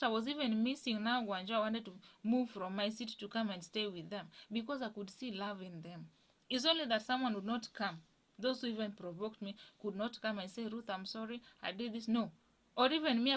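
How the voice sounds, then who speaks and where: Young woman giving an earnest testimony. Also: on the high side. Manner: earnest and animated, drops to a hush when moved. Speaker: guest sharing a personal testimony. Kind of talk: personal testimony storytelling.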